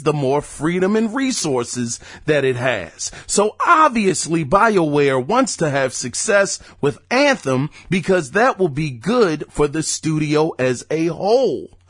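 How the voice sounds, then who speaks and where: A man hosts a gaming news podcast in a loose, chatty way, throwing in emphatic asides. His voice sits high and swings widely in pitch. The sound is dry and close. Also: a bit bright, no echo. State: hiccuping. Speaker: podcast host. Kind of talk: casual gaming news commentary.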